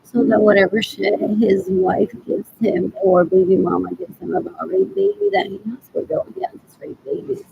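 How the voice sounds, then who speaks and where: Gravelly-voiced woman rambling on a vlog. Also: medium pitch, very animated, normal speed, few pauses, dull audio, slight background noise. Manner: repetitive, blunt and profane, often muttering 'what else'; switches between English and Spanish. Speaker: vlogger. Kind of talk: rambling monologue to camera.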